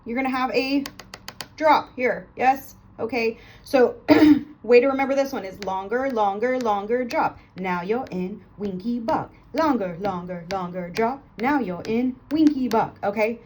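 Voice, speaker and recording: A woman teaching nursing students, telling a playful story quickly and stopping to check in with "okay?" after almost every point. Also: on the high side, darkish tone, a little hiss or hum. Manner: fast, chatty, playful, keeps checking with "okay?". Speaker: nursing tutor.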